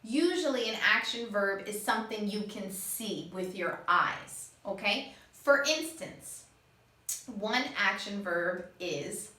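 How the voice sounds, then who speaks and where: A woman teaching young children, acting out each word she explains in a slow, animated way. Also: medium pitch. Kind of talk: children's lesson. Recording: echoey room.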